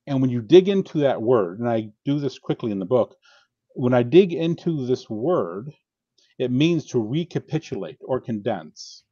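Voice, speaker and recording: On a podcast, a male author appears as a guest in a casual theological discussion, explaining theology earnestly and didactically and reading scripture aloud. His voice is medium-pitched and expressive with a dark tone, delivered at a moderate pace. The recording is muffled but has no echo.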